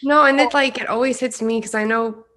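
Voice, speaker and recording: A woman guest on a podcast, a documentary filmmaker, chiming in with short, soft-spoken remarks. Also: on the high side, fairly even intonation, a little fast. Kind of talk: casual podcast conversation.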